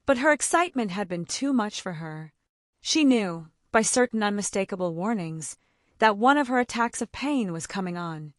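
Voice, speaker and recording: Expressive woman narrating an audiobook. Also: medium pitch, moderate pace, no room sound, clean studio sound. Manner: expressive storytelling. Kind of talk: scripted narration.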